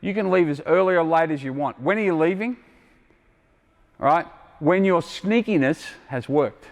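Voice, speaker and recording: Middle-aged Australian male basketball coach, fairly high voice, blunt and wry, echoey gym. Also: moderate pace, creaky. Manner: quizzing players, blunt and joking. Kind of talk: on-court coaching clinic. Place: indoor basketball court. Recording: long hall reverb from a gym.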